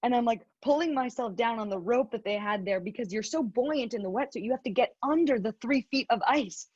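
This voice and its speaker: A woman giving a motivational talk, telling an animated story and laughing often as she speaks. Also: on the high side, a little fast, breathy edge, dry recording, dull audio.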